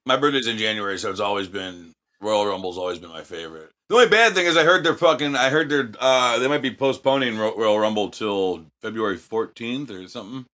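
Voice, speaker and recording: A man's voice: on the low side, a little fast, few pauses, sharp tone. A man, a wrestler, chatting casually with a lot of swearing, rambling and acting out quotes. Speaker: professional wrestler guest. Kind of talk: casual profane chat.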